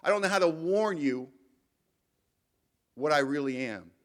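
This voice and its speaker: A man's voice: fairly high pitch, animated, a little slow. Candid middle-aged man telling his story. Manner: candid storytelling, self-mocking, emphatic. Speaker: AA speaker. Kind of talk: recovery talk to a convention audience. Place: convention hall.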